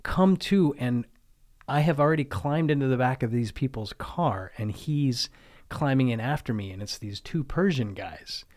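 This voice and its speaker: A man's voice: mid-range voice, expressive, normal speed, darkish tone. A middle-aged man on a podcast, rambling through a profane personal anecdote in casual chat. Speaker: podcast guest or co-host. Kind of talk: casual storytelling.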